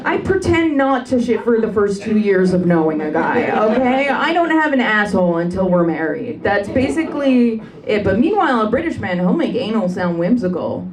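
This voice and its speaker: A young woman doing a brash, deadpan stand-up comedy set in a club. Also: medium pitch, moderate pace, hardly any pauses. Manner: deadpan, brash, sharp punchlines. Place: comedy club stage with live audience. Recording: distant live club recording with crowd.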